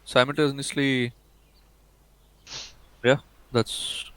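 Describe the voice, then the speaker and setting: A man's voice: mid-range voice, little pitch movement, drawn-out words, a bit bright, smooth, no echo. A man with an Indian accent co-casting a live esports match, playful and correcting himself as he calls plays on a headset. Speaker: esports co-caster.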